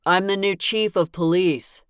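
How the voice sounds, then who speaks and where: A woman voicing a charming, easygoing male police chief who speaks smoothly and understated. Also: extremely low pitch, lively intonation, normal speed, no echo, studio quality.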